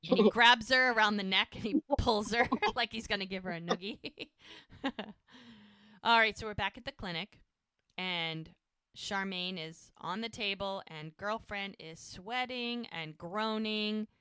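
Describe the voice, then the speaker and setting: A woman's voice: mid-range voice, a little slow, sharp tone, clean tone, dry recording. A woman co-hosting a rewatch podcast, eagerly retelling scenes and acting out the characters' lines in casual chat. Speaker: podcast co-host recapping a show.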